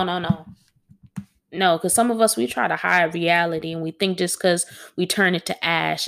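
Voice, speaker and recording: Woman poet, home setting, gravelly voice, dramatic reader who chats between poems. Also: fairly low pitch. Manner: dramatic, laughs at herself, talks straight to listeners. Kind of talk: reading her own poems and chatting. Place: at home with a dog on a wooden floor.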